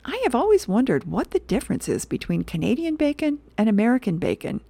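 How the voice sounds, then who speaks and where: A woman's voice: a little high, very animated, fast, vocal fry, warm tone, no echo, pitched above the performer's own voice, heavily acted. A woman voicing a grumpy middle-aged office man, musing in a raised, bemused voice. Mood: wondering.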